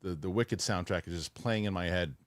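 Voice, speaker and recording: A man's voice: deep voice, brisk, dry recording, studio quality. A middle-aged man hosting a show, talking in a chatty, rambling way with frequent restarts. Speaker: show host. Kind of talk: casual chat and read ad.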